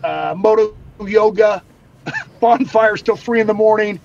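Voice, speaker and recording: A male guest with a high voice talks excitedly, pitching an event to viewers. His audio comes through a dull, lo-fi remote feed with faint background hiss. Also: measured pace, creaky. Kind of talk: casual promotional chat.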